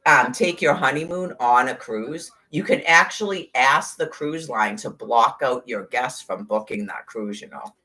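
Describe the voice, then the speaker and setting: A woman's voice: very deep voice, expressive, unhurried, few pauses, bright, forceful tone. A middle-aged woman in casual chat, rambling, blunt and profane, with sarcastic asides. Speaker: podcast host.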